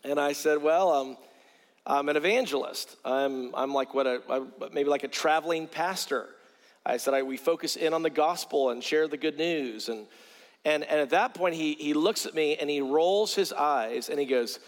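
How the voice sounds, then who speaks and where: A man's voice: on the high side, moderate pace. A middle-aged male evangelist from South Carolina, preaching a sermon with stories and repeating words earnestly as he builds a point. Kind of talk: sermon with storytelling. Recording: long hall reverb.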